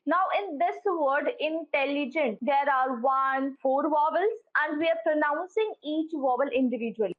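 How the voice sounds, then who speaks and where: Woman, online grammar teacher, repeats rules, checks understanding, high voice, tinny phone-like audio. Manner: repetitive, explains rules step by step, checks if students follow. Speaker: online exam-prep English teacher. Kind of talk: live online grammar lesson.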